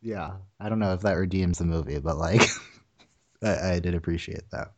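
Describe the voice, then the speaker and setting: A man co-hosting a casual movie review chat, talking haltingly with dry humor and frequent laughs. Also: low voice, slight background noise. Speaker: podcast co-host reviewing a movie.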